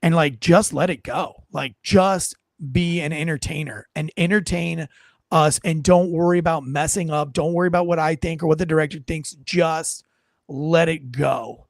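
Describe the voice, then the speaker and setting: A man hosting a podcast in casual chat, rambling and animated, often poking fun at himself, on a close studio mic. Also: fairly high pitch, moderate pace, vocal fry, dry recording. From North Carolina. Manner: rambling, animated, self-deprecating. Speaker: podcast host.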